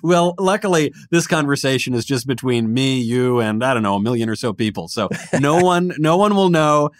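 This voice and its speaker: A man's voice: mid-range voice, expressive, normal speed, no echo, studio quality. A man hosting a political podcast interview, chatty and joking, with some hesitant fillers. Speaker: podcast host. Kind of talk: hosted interview.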